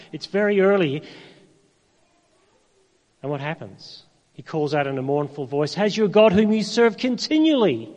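A middle-aged man from Ireland, preaching a sermon in a conversational way, with rhetorical questions and dramatic pauses. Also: on the high side. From Northern Ireland. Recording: long hall reverb.

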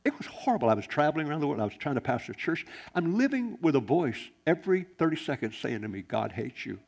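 A man preaching a sermon, shifting between loud exclamations and hushed, quiet lines. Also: fairly high pitch, very animated, quick pace. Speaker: pastor.

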